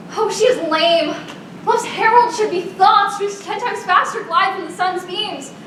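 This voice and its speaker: A woman acting a young girl in love in a live stage play, speaking classical verse with pleading impatience. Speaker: stage actor. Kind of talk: live student stage performance. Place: theater stage. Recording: echoey hall from far off, rumble.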